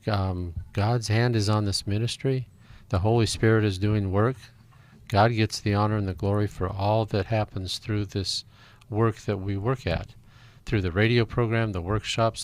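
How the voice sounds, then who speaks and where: Earnest low-voiced man making a radio appeal. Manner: earnest, rambling, fills with uh. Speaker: radio co-host. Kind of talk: live radio appeal for donations.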